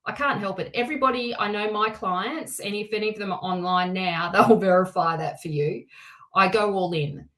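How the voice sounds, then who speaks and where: A woman hosting a live tarot stream, talking in a chatty, excitable way with many restarts and asides. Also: mid-range voice, normal speed, rough recording. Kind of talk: casual live-stream chat.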